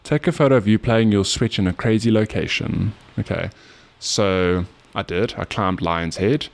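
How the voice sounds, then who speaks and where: Nasal South African man in his thirties, fairly low voice, laughing podcast co-host telling stories. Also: moderate pace, gravelly. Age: 30s. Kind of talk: casual chat.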